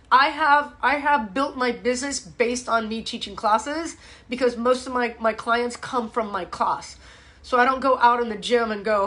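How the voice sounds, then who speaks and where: A woman's voice: fairly high pitch, normal speed, a bit bright. A middle-aged woman, a personal trainer, talking bluntly and profanely in a casual live stream. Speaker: personal trainer and fitness instructor.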